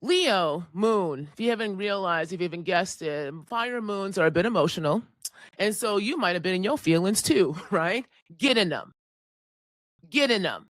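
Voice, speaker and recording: A woman in her forties gives an impassioned astrology forecast as a fiery, preachy monologue packed with profanity, at times sounding close to tears. Her mid-range voice is animated and moves at a normal speed, recorded with no room sound.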